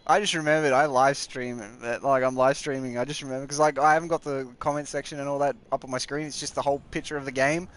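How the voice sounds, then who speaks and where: A man's voice: medium pitch, steady tone, fast talker, few pauses, fairly bright tone. A man, chatting casually and rambling while live-streaming a game at home. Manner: rambling, chatty, talks aside to family.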